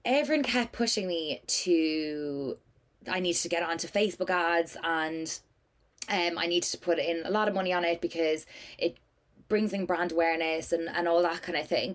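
A woman with a Cork Irish accent chats as a guest on a podcast. She tells stories in a lively, rambling way and scatters "like" through her sentences. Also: fairly low pitch. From Cork, Ireland. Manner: chatty, lively storyteller, many "like" fillers. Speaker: guest, business owner. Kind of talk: casual podcast chat.

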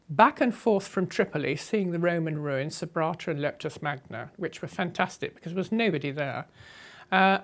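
An older woman tells her travel story, talking freely with restarts and dry humour. Her voice sits fairly low. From England. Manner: chatty, with restarts and wry humour. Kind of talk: unscripted storytelling.

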